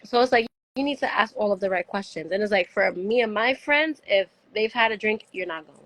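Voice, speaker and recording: A woman's voice: medium pitch, fairly quick, fairly bright tone, poor audio. A woman giving travel tips in casual chat on a live show. She talks chattily, filling her talk with "like" and acting out the people she quotes.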